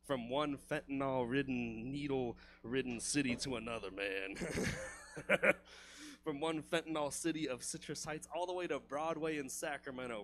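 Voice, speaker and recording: A man's voice: mid-range voice, a bit bright, slight background noise. A man doing a loose, profane stand-up comedy set in a comedy club, laughing at his own jokes.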